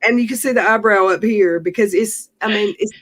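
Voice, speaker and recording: A woman's voice: mid-range voice, fairly quick. A woman hosting a casual livestream, chatting in a rambling way and laughing often. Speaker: livestream host.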